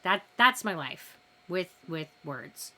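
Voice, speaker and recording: A woman's voice: lowish voice, lively intonation, slow, pushed and bright. A woman streamer chatting casually between poem readings, giggly and self-deprecating, rambling a little. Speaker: streamer hosting a poetry night. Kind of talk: casual live-stream chat.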